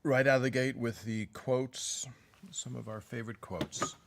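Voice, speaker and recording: A man's voice: mid-range voice, unhurried, vocal fry, fairly bright tone. An American man hosting a live stream, chatting casually and reading out viewer comments, often correcting himself. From United States. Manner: chatty, reads comments aloud, self-corrects.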